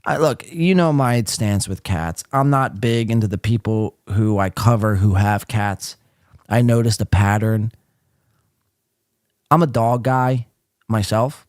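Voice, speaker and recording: A man's voice: mid-range voice, darkish tone, no echo, studio quality. A man hosting a live podcast, talking casually with blunt sarcasm and frequent swearing. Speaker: podcast host.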